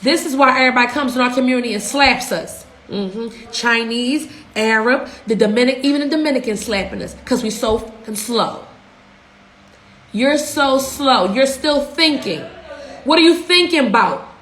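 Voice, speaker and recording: A woman's voice: a little high, normal speed, fairly bright tone, a little hiss or hum. A young woman in Philadelphia giving a profane, fired-up livestream rant, firing off rhetorical questions. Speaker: social media business coach. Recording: echoey room.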